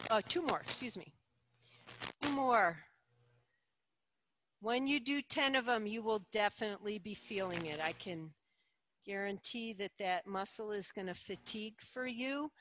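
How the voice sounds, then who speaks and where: A middle-aged woman leading a yoga class, giving calm, encouraging cues with slow, deliberate phrasing. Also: medium pitch, noisy background. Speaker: yoga instructor. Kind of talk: guided yoga instruction.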